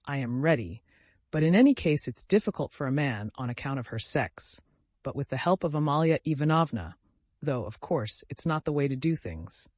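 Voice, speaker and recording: A man voicing a pompous, self-righteous gentleman who speaks formally and condescendingly. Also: medium pitch, sing-song, moderate pace, no echo.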